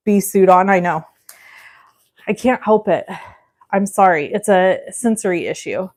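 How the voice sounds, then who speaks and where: A woman in her forties hosts a live crafting session from her home craft room. She talks to her viewers in an easy, chatty way and takes her time, letting her words come slowly. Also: mid-range voice, darkish tone. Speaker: card-making host.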